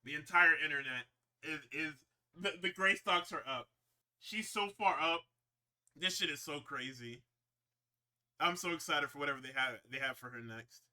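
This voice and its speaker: A man's voice: on the high side, moderate pace, sharp tone. A man hosting a podcast, recapping wrestling shows in a rambling, profane, casual way with frequent laughs. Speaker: podcast host.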